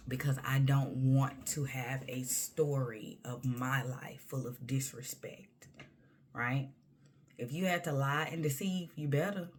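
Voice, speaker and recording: A woman's voice: rumbling low, a little mellow, a little hiss or hum. A woman talking candidly to camera in a personal monologue, emphatic and conversational, sometimes dropping to a near-whisper. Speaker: vlogger.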